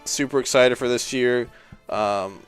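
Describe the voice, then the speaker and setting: A man's voice: mid-range voice, a little slow, smooth, soft background music. Tired, rambling male gaming YouTuber. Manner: rambling, thinking aloud while clicking through menus. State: tired and yawning. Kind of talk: casual gameplay commentary.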